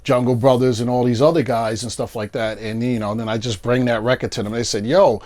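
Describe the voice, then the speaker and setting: A man, a producer guest telling animated stories and acting out his friends' lines in a casual interview. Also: medium pitch, quick pace.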